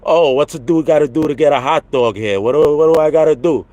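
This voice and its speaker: A man's voice: fairly high pitch, fast talker, warm tone, dry recording, muffled recording, voice pushed up, lightly acted. A man putting on a brash, exaggerated Brooklyn Italian man demanding service.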